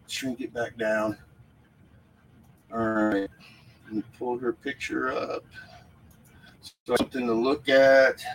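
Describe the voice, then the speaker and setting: A man's voice: mid-range voice, a bit bright, recorded from a distance, slight background noise, poor audio. Fired-up, swearing man on a livestream. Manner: fired-up, profane, emphatic. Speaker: paranormal livestream host. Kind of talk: casual live-stream chat. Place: room at home. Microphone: phone.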